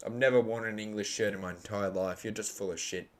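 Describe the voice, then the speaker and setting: Australian man, young adult, low-pitched, live stream host, rambling, crude comebacks to chat. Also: fairly even intonation, fast talker. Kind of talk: live cricket reaction stream.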